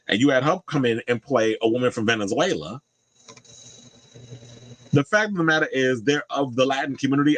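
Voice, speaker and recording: A man's voice: mid-range voice, no room sound, rough recording. Man, blunt pop culture commentary, swears a lot, dry close sound. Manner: blunt, profane, opinionated. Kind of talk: casual commentary.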